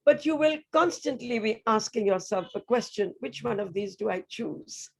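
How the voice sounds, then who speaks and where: Senior woman guest speaker, a bit high-pitched, earnest and measured, formal talk on a video call. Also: expressive, vocal fry, slightly rough. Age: older. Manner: measured, earnest, rhetorical questions. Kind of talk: formal address to students.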